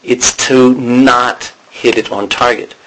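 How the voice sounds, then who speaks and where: A man teaching a sermon in a conversational way, often pausing to correct himself and clear his throat. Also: mid-range voice, steady tone, fairly bright tone, slight background noise, low-quality recording. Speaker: preacher.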